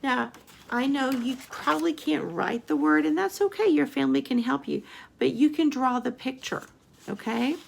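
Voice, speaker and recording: A woman teacher gives a remote lesson to young children, slowly and patiently spelling letters aloud and prompting them with sing-song questions. Her voice sits high and sounds gravelly, with slight background noise.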